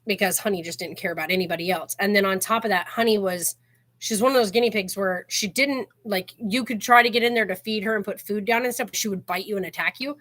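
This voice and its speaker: A woman with a mid-range, slightly bright voice hosts her own channel, chatting casually as she tells stories. She packs her sentences with "like" and laughs as she goes.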